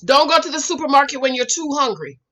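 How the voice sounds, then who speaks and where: A woman with a bright, ringing voice runs a live reaction stream. She reads out viewer comments and answers them in an emphatic, sassy way. Her voice sits fairly high. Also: very animated, fast talker. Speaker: YouTube reaction host.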